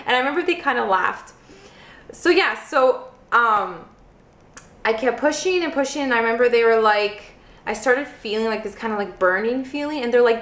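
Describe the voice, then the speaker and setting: A young woman vlogger chats through a personal story, dropping "like" into nearly every sentence. Her voice sits a bit high, and the recording carries a roomy echo. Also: animated, normal speed, a bit bright. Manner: chatty, heavy use of "like" fillers. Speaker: vlogger, first-time mother. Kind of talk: casual storytelling to camera.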